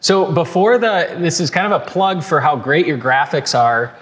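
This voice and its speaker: A man's voice: fairly high pitch, moderate pace, fairly bright tone. A man with a Minnesotan accent, co-hosting a casual podcast chat, talking in loose, rambling sentences with fillers. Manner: chatty, with many restarts and fillers. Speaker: podcast co-host. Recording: long reverb.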